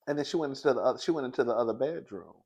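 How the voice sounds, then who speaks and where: A man's voice: medium pitch, rapid-fire, darkish tone, breathy edge. A young man recapping a TV episode in a sassy, gossipy way, laughing often and calling his listeners girl and baby. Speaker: TV show reviewer. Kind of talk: animated casual recap.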